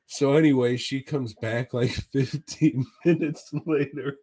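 Slow-talking man telling a crude story. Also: medium pitch, fairly even intonation, warm tone, slightly rough. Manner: profane, laughing through his story. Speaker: podcast host. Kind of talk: casual comedic storytelling.

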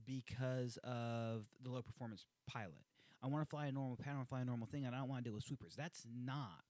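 A man's voice: medium pitch, no echo. A man in casual chat among skydiving friends, telling stories animatedly and laughing often. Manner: animated storyteller, acts out quotes, laughs often.

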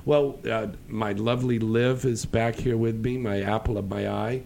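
Excitable male radio host. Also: on the low side, normal speed, gravelly, slight background noise. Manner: loud, excitable, bantering. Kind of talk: casual radio talk show.

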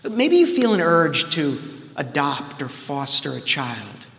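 A man's voice: fairly high pitch, sing-song, slow, fairly bright tone. A man preaching with a slightly raised voice, his easy, conversational delivery spreading through a church. The room is roomy, and a long reverb trails after each phrase. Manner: conversational, plain-spoken preaching with casual asides. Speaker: seminarian preaching. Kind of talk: sermon. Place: church sanctuary.

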